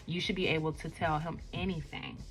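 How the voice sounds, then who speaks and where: A woman voicing B, a shy but stubborn teenage girl from a webcomic, speaking softly. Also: deep voice, steady tone, brisk, faint music behind, natural voice.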